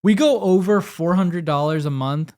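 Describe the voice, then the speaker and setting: A man's voice: sits high, normal speed. A man co-hosting a podcast, chatting casually and speaking directly to the listeners. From American Midwest. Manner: relaxed, rambling, addresses listeners directly. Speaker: podcast co-host. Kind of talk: casual chat.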